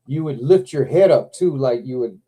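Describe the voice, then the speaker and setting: A man hosting a live toy stream, telling wrestling stories in a loose, excitable way with plenty of swearing. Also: mid-range voice, normal speed, breathy edge. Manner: excitable storyteller, swears freely, lots of "man". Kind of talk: casual chat.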